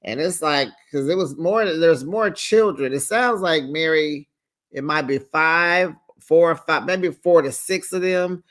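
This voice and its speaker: A reality TV recap host giving casual, sassy commentary, chatty and lively, retelling scenes with plenty of "honey" asides. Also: medium pitch, measured pace.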